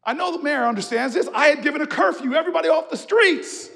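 A man delivers a keynote like a sermon, his very high voice carrying a gravelly edge. He moves from storytelling to rousing, shouted repetitions, and his words ring out through a long, echoing church hall. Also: animated, fast talker. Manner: storytelling that builds to shouted, rhythmic refrains. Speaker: keynote speaker. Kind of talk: preacher-style keynote speech.

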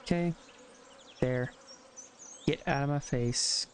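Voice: mid-range voice, slow, noisy background. A gaming streamer giving live-stream commentary, muttering to themselves, counting aloud and swearing when things go wrong. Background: game music.

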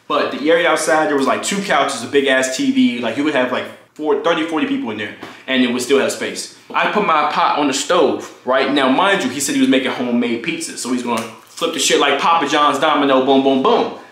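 A young man casually telling a profane, animated story about his college roommate, acting out what people said. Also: brisk, echoey room. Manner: animated, profane, acts out quotes in high voices. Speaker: storytime vlogger.

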